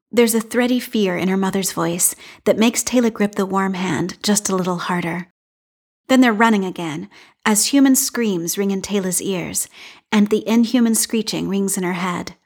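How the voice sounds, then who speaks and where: A woman reading a fan story aloud in a measured, expressive narration. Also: medium pitch. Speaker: podfic reader.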